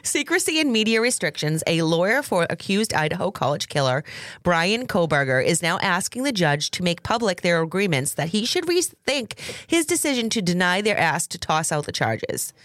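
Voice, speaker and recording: A woman's voice: on the low side, big pitch swings, normal speed, a bit bright, dry recording, studio quality. A woman with a Massachusetts accent co-hosting a true crime podcast, chatting casually and reading news articles aloud with asides. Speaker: podcast co-host.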